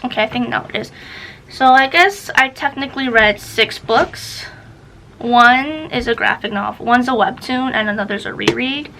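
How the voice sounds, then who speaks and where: A young woman talks to her own camera as a book vlogger, chatty and rambling. Her voice sits a touch high with a lot of vocal fry, and a faint hiss of background noise runs under it. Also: normal speed, pushed and bright, poor audio. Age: young adult. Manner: chatty, rambling, easily sidetracked. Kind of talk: casual vlog chat. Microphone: camera facing her, self-filmed.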